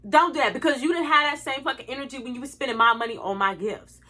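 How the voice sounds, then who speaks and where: A woman's voice: high voice, fast, pushed and bright. A young woman telling a storytime to her viewers, blunt, profane and indignant as she rants. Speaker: vlogger. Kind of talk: storytime rant.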